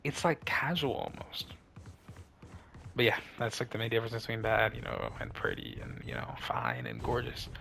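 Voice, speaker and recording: A man's voice: lowish voice, huge pitch swings, normal speed, gravelly, bright, forceful tone, slight background noise. A young man rambling casually with slang and lots of fillers while he plays a game. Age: young adult. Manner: laid-back slangy rambling with many fillers. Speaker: streamer.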